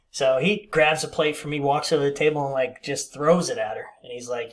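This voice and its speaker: A man's voice: medium pitch, fairly even intonation, fast talker. A man in his fifties telling a casual, rambling story with many fillers and restarts. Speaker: vlogger.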